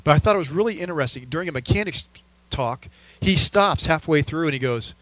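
A man in his forties, a sports physician hosting a podcast, telling stories in a relaxed, casual way with easy laughs. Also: on the high side, fairly quick, no room sound, poor audio. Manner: relaxed storyteller, laughs easily.

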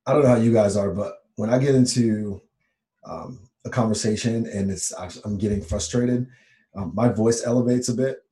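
A man's voice: lowish voice, normal speed, mellow. Earnest man in podcast conversation. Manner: earnest and self-examining, with fillers. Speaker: podcast co-host. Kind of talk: reflective conversational podcast talk.

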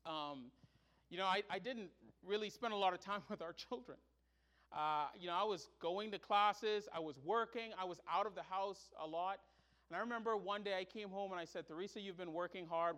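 A middle-aged man preaching a sermon as pastor, telling stories with sudden loud, high bursts.

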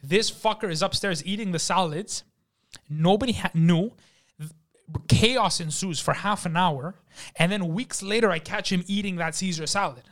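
High-voiced young dude cursing thru funny work stories, super animated. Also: male voice, moderate pace. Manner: profane, animated storyteller, acts out shouted quotes. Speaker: podcast host. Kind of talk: casual storytelling chat.

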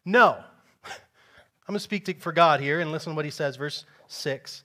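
A pastor preaches a sermon to his congregation in church, his voice on the high side, a little fast, bright and forceful. His delivery is conversational and emphatic, sprinkled with sarcastic asides.

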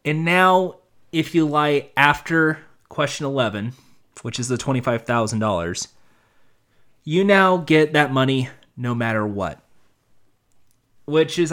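A man's voice: medium pitch, a bit bright. A man giving a casual, opinionated commentary monologue, thinking aloud with frequent restarts.

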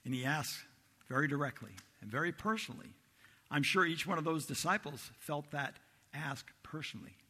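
A male pastor preaches with bright, urgent energy and a faintly husky edge, his fairly high voice moving at a normal pace. He tells the story in an animated way, acting out the disciples' voices. The long reverb of a big hall carries his words.

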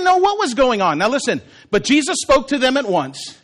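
A male pastor preaching a sermon with animated, humorous storytelling. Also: extremely high pitch, moderate pace.

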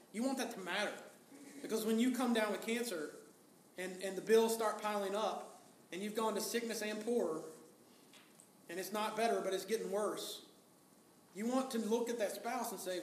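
High-voiced man preaching in an echoey hall. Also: normal speed, slight background noise. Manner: conversational preaching, rhetorical questions and acted-out quotes. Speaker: pastor. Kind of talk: sermon.

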